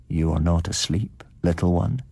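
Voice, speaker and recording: A man's voice: deep voice, normal speed, creaky, slightly rough, no room sound, heavily acted. A man voicing a cold, lifeless undead grandfather in a spoken ghost story. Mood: luring. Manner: dead, flat voice.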